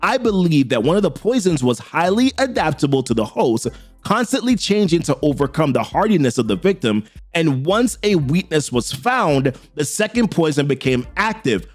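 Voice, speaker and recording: A man voicing a precise male alien forensic scientist in a careful, slightly lowered voice. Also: big pitch swings, moderate pace, faint music behind. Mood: clinical.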